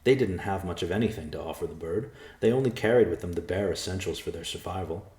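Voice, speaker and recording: A man narrating a storybook chapter with a steady, expressive reading. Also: low voice, fast, reverberant. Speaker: audiobook narrator.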